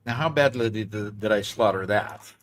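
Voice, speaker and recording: A man hosting a gaming stream, easygoing and quick to laugh at himself. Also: on the low side, slight background noise. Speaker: streamer host. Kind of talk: casual stream banter.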